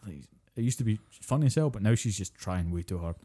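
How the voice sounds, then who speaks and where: A man's voice: lowish voice, lively intonation, fast talker, mellow, slightly rough. A Scottish man co-hosting a podcast, chatting casually and ranting with plenty of swearing. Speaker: podcast co-host.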